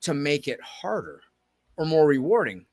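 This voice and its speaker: Animated man telling a story. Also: fairly high pitch, moderate pace, dry recording. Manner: animated, acts out quoted dialogue. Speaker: podcast co-host. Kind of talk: casual storytelling chat.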